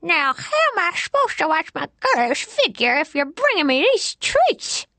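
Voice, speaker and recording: Lady doing a fussy old granny with a lisp, high and naggy, dry close audiobook sound. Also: sing-song, measured pace, bright, forceful tone, no room sound, heavily acted. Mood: fussy scolding. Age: older. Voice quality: lisping. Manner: high, fretful, scolding. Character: fussy elderly woman nursing home resident. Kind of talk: audiobook character voice. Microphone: close studio mic.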